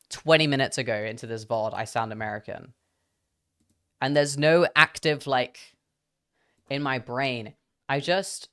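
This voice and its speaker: Chatty British streamer with a smooth voice. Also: medium pitch, fairly bright tone. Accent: British, drifting toward whoever they talk to. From Britain. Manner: rambling, chatty, trailing off into asides. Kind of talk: casual chat to a live stream audience.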